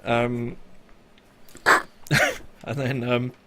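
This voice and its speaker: A man's voice: mid-range voice, steady tone, moderate pace, fairly bright tone, slight background noise. Man, game master, casual narration, filler-heavy, mid-range voice.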